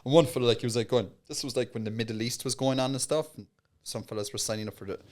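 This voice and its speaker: An Irish man, a comedian, telling lively, swearing anecdotes as a podcast guest and acting out the voices of the people in his stories. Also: medium pitch, racing. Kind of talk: animated anecdote-telling in casual interview.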